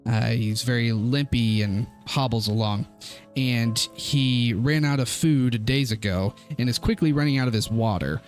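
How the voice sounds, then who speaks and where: A young man narrating a tabletop game as game master, relaxed and halting, with many fillers. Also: medium pitch, soft background music.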